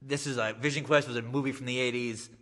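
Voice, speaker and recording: A man reading his own essay aloud to an audience in a gallery, with wry, deadpan humor. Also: mid-range voice, quick pace. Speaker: guest author giving a reading. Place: art gallery, live reading. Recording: long reverb of a gallery hall.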